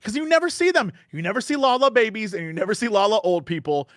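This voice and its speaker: Lively high-voiced man telling stories. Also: fast talker, dry recording, studio quality. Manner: animated storyteller acting out quotes; laughs often mid-sentence. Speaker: podcast guest. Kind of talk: casual podcast chat.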